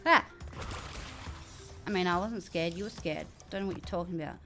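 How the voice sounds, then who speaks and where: A woman's voice: fairly low pitch, fast, faint music behind. Chatty, swearing woman streamer. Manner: chatty and swearing, with loud outbursts at the game. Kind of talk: casual chat while gaming.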